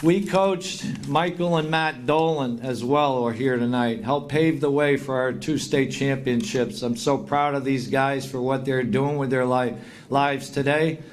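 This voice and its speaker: A middle-aged man speaking at a hall of fame banquet, grateful and sincere as he works through a list of names. His voice sits at an ordinary middle pitch. A faint room hum runs underneath. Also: steady tone, a little slow. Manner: heartfelt, grateful, reads out long lists of names. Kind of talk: acceptance speech. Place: induction banquet.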